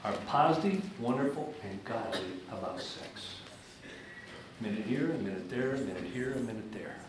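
A man giving a church seminar talk, telling stories with animated, emphatic swings into high excited tones. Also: normal speed. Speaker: guest speaker at church seminars. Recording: very echoey hall with faint room noise.

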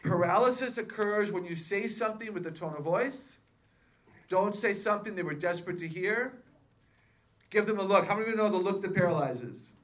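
A woman addressing a live audience at a faith-based seminar. She talks in a lively way, keeps asking the crowd questions, and pokes fun at herself. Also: mid-range voice. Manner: playful self-mocking humor. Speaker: seminar speaker and author.

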